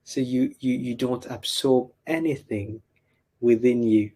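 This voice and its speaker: A man who is a guest on a podcast, explaining calmly and deliberately in short phrases. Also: mid-range voice, breathy edge. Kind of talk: calm explanation.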